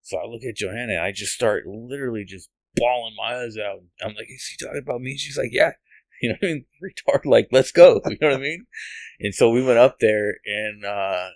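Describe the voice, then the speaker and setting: A man's voice: on the low side, fairly quick, dry recording. A man guest on a podcast, telling an emotional personal testimony in an earnest, rambling way with restarts and laughs, from the United States.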